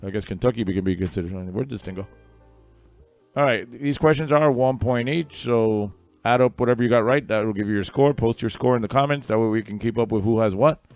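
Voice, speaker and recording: A man runs an online trivia night from home, reading out questions and answers. He drifts into casual, rambling asides between them. Soft music plays faintly underneath. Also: mid-range voice, a little fast. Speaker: trivia host. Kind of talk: casual livestream trivia hosting.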